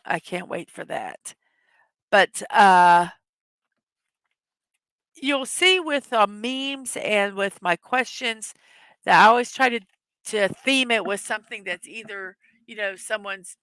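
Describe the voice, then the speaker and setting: A woman's voice: mid-range voice, animated, slow pace, long pauses, a bit bright, clear, resonant tone, no echo, low-quality recording. Giggly chatty woman hosting a live stream. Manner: chatty, giggly, with many fillers. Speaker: livestream host. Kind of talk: casual live chat reading viewer comments.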